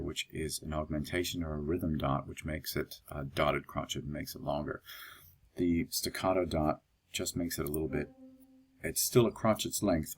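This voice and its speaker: A man teaching music notation in a calm, explanatory software tutorial, with a husky voice and the odd filler. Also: low-pitched.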